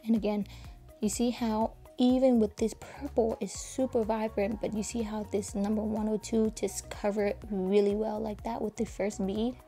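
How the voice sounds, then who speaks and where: A woman talks viewers through a nail-art tutorial in a chatty, informal way, her voice mellow and warm. She keeps it fairly hushed at times, with faint music playing underneath. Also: medium pitch, level tone, moderate pace. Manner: soft, hushed and breathy at times, keeping quiet for a sleeping child. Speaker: nail educator.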